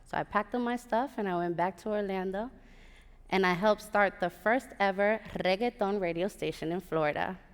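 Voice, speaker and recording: A woman in her thirties telling a personal story live on stage, animated and acting out the voices of the people in it. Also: mid-range voice, moderate pace, clean tone. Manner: lively, animated, acts out quoted voices. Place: large theater stage. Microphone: stage microphone. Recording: long theater reverb. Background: live audience.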